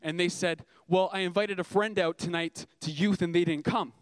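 A man's voice: sits high, fairly even intonation, normal speed, dry recording. A young man preaching a sermon as a youth pastor, earnest and emphatic, asking the congregation rhetorical questions.

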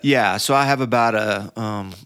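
Low, smooth-voiced man telling a rambling story. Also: normal speed, a bit bright, dry recording, studio quality. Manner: rambling, with many fillers and restarts. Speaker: podcast guest. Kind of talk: casual storytelling interview.

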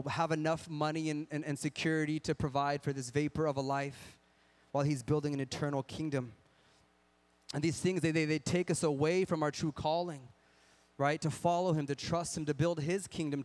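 A man preaching a sermon with a slightly higher voice than most men. He talks in an earnest, conversational way, with lots of rhetorical questions. Now and then he acts out people's excuses in a whiny tone. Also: a little mellow.

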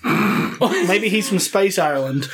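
Joking man with a higher voice. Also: expressive, slow, a bit bright, a little hiss or hum. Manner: jokey, riffs on absurd ideas. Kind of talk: casual movie commentary chat.

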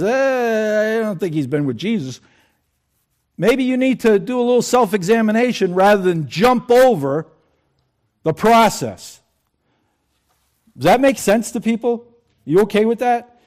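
A man's voice: sits high, darkish tone. Man preaching, conversational and questioning. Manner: conversational, asks the congregation questions. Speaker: pastor. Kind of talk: sermon.

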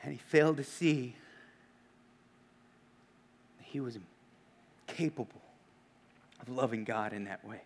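A man preaching a sermon in an earnest, questioning way, often dropping to hushed emphasis. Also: mid-range voice, a little slow, pauses often.

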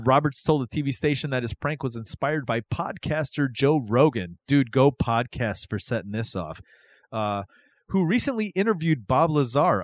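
An animated man co-hosting a casual podcast. His pitch sits in the middle of the male range. He reads out news items with lively asides, and the recording is dry and close. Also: no echo. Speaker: podcast co-host.

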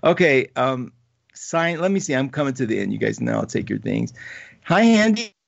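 A man hosting a live astrology talk show, reading viewer comments in an animated, chatty way and laughing often. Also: medium pitch, normal speed, vocal fry, dry recording, lo-fi sound.

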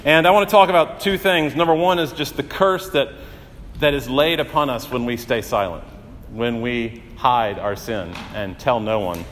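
A male pastor preaches at a middle pitch, voice carrying a long reverb through a church sanctuary. He tells his stories earnestly, pausing for drama and building emphasis as he goes. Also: a bit bright, slight background noise. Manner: earnest storytelling with dramatic pauses and rising emphasis. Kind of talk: sermon.

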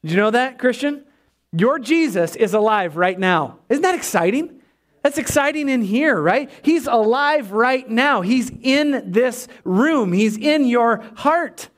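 Male pastor, high voice, lively sermon delivery with congregation asides. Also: unhurried. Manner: energetic preaching with call-and-response asides. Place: church.

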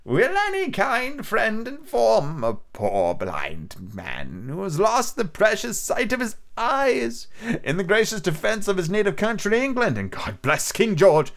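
A man voicing a sinister blind old male sea beggar who talks slowly in a wheedling sing-song that turns cold and menacing. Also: high-pitched, vocal fry, voice pushed up, exaggerated voice.

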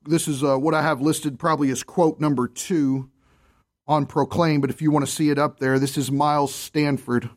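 Male pastor, slightly high pitch, emphatic sermon delivery, reads quotes aloud. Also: fairly even intonation. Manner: emphatic preaching with rhetorical questions, slows for key words.

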